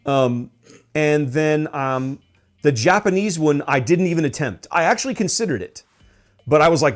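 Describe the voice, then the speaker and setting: A man's voice: fairly high pitch, expressive, moderate pace, faint music behind. Rambling man streaming while he paints. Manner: rambling, with many fillers and restarts. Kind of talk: casual chat while painting miniatures.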